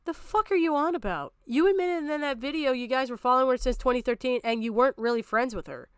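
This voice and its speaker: A woman's voice: fairly high pitch, clean tone, no echo, studio quality. A woman streamer giving blunt, profane commentary on a video, ranting and mocking as she talks.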